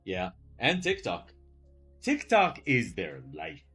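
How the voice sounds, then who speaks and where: A man's voice: lowish voice, huge pitch swings, slow pace, a bit bright, breathy edge, soft background music. A man who teaches, chatting casually and with incredulity during a live art stream, rambling and swearing now and then.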